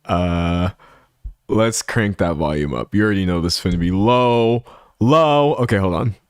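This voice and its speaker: A man's voice: deep voice, normal speed, clear, resonant tone, dry recording, clean studio sound. Laughing man ranting on a livestream. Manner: laughs often, rambling with restarts. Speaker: livestream host. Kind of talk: casual livestream rant. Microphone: streaming microphone.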